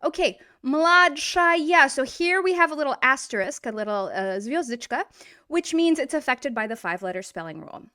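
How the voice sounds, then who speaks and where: Lively woman teaching language, dry close sound. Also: on the high side, no room sound. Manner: lively, repeats and models pronunciations slowly. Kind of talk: casual explanatory lesson.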